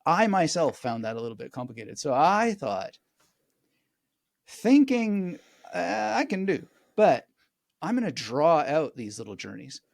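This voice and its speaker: An animated man explains his memory method in a relaxed interview, wandering off on side stories and laughing often. His voice sits fairly high for a man, and the sound is close and dry. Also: unhurried, vocal fry, dry recording. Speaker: guest memory expert.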